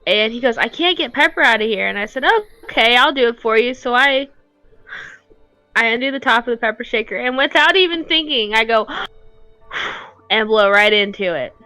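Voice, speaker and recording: A woman's voice: a little high, moderate pace, bright, forceful tone, clean tone, no echo, rough recording. A woman streamer in casual chat, telling a story dramatically and giggling often. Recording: dry mic with faint music.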